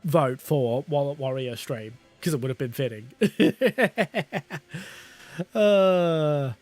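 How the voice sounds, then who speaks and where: A man's voice: fairly high pitch, expressive, takes it slowly, darkish tone, soft background music. A man streaming live who chats casually, laughs often and swears freely as he talks to viewers. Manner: giggly and chatty, swears casually.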